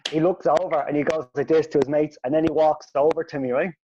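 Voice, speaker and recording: A man's voice: on the high side, quick pace, background noise. Sweary man telling a story. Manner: animated, sweary, voice jumps up when quoting himself. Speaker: podcast host. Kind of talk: casual storytelling. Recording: dull lo-fi podcast audio.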